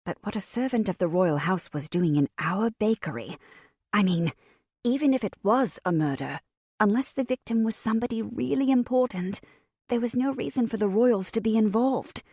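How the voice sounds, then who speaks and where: A woman narrating a cozy fantasy audiobook in the first person, with a wry, expressive storytelling manner. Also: mid-range voice, moderate pace, breathy edge, no room sound, studio quality.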